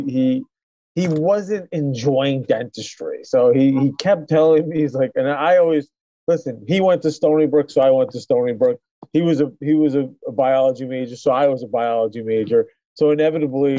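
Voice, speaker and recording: A man's voice: mid-range voice, dark tone, dry recording, lo-fi sound. A middle-aged man, a chiropractor, telling his story in a casual interview with many restarts and fillers. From New York. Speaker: chiropractor guest.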